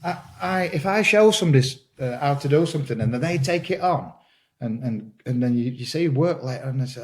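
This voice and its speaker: A man at an ordinary middle pitch chats easily as a guest on a podcast. He stumbles and repeats words as he gets going, then pushes on with enthusiasm. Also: lively intonation. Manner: halting, repeats words often when starting a thought; enthusiastic, laughs while talking. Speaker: podcast guest, green woodworker. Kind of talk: casual conversation.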